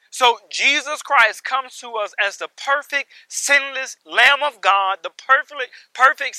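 Bright, emphatic male preacher. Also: high-pitched, dry recording, poor audio. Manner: emphatic, builds with repeated phrases, swings from loud to hushed. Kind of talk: sermon.

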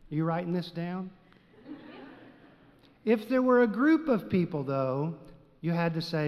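Wry preacher in a reverberant hall. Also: male voice, sits high, moderate pace, a little mellow. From Texas. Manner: wry, playful, with dry asides. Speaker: preacher and seminary teacher. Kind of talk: humorous sermon storytelling. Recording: long reverb of a large hall.

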